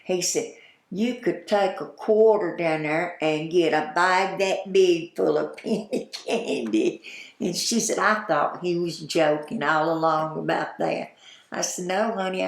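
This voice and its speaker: An older woman with a Southern drawl tells her memories in a slow, folksy way, breaking into laughs. Her voice is low and gravelly. The room around her is echoey. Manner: folksy, chatty, laughs while telling anecdotes. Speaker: interviewee, former store owner. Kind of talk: oral history storytelling.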